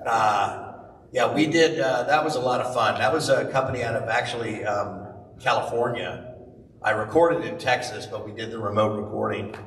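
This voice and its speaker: A middle-aged man, a voice actor at a convention Q&A, telling animated stories and jumping into high voices for the people he quotes. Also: normal speed. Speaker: convention panel guest, voice actor. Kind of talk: live convention Q&A storytelling. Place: large convention hall. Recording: echoey hall, far from mic, faint hiss.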